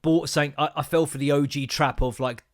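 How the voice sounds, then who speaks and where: A man's voice: fairly high pitch, steady tone, fast talker. A man hosting a casual podcast, telling stories in an exasperated, sweary way. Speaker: podcast host. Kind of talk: casual solo podcast rant.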